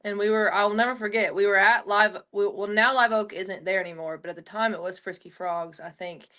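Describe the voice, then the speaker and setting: This young country singer from Oklahoma talks a little fast, her medium-pitched voice steady and sharp in tone. Chatty and casual in the interview, she rambles through stories peppered with "like" fillers.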